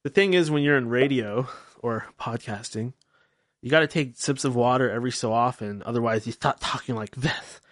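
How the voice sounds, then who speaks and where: Brief: male podcast host, mid-pitched voice, candid and profane, self-mocking rambles, dry close recording. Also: normal speed, no room sound. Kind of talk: casual solo talk-show monologue.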